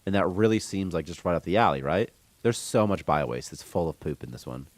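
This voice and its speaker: Deep-voiced man ranting casually. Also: animated, fairly quick, no echo. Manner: opinionated, rambling, reading chat aloud. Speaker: game developer streamer. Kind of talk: casual rant on a live stream.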